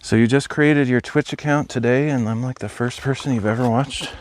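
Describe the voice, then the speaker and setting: A man's voice: medium pitch, fairly even intonation, a little fast, slight background noise. A young adult man live streaming while hiking outdoors, chatting casually and thinking aloud as he answers viewers. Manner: rambling, thinking aloud, replies to chat. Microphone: phone.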